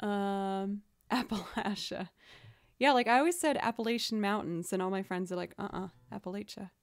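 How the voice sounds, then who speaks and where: A woman's voice: medium pitch, brisk, smooth. A young woman from outside Boston chatting casually with her livestream viewers, talking about music and her loops with a self-deprecating humor. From outside Boston, Massachusetts. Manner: chatty, self-deprecating, reads chat aloud. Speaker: streamer and musician.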